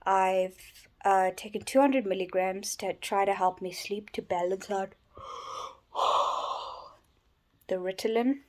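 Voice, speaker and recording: A tired, sleep-deprived woman rambling in a personal vlog from her bedroom, yawning and halting with many restarts. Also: mid-range voice. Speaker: vlogger.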